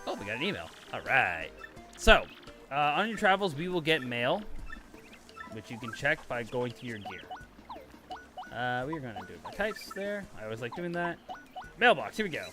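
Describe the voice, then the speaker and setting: A man's voice: medium pitch, sing-song, moderate pace, pauses often, over music. A man streaming a game, giving casual gameplay commentary in a chatty, rambling way and talking to his chat.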